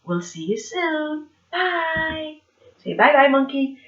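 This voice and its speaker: A woman teaching young children online, speaking very slowly and clearly with a high, bright voice. She swings dramatically from hushed whispers to shouts. The room echoes and the sound is slightly dull. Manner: animated, slow and clear, whispers and shouts for effect.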